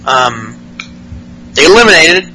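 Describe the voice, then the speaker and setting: A man's voice: a little high, big pitch swings, slow, sharp tone, slight background noise, low-quality recording. A man hosting a podcast, giving a casual, rambling and profane recap of wrestling shows, full of fillers. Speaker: podcast host.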